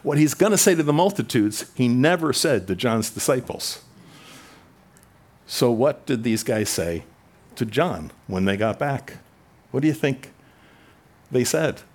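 A man preaching a conversational sermon, asking the crowd rhetorical questions and dropping his voice low when quoting scripture. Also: expressive, unhurried, long pauses. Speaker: pastor. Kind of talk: expository sermon.

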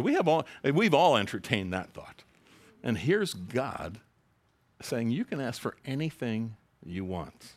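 A man's voice: medium pitch, very animated, measured pace. A man preaching a sermon in a conversational, joking way, reading scripture aloud to a congregation. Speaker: pastor.

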